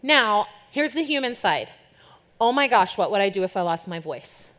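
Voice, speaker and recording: Speaking in a sing-song, slightly bright mid-range voice at a moderate pace, this young worship leader gives a church group a casual, open talk. Her chatty delivery shifts into playful imitations whenever she quotes someone. Long reverb fills the recording, made in a church or event hall with an audience.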